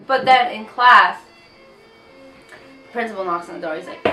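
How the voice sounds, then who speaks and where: A woman's voice: a little high, animated, measured pace, pauses often, a bit bright, echoey room, soft background music, rough recording. A young woman telling a history story in a casual, slangy, joking way. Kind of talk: comic storytelling narration.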